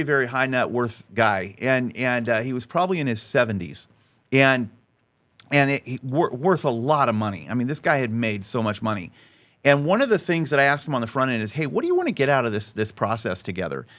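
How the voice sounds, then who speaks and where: A man speaking on a podcast, telling a story in an animated way and repeating words as he restarts his sentences. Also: brisk. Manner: animated storyteller, voice rising high when acting out quotes. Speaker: faith-based life coach and podcast guest.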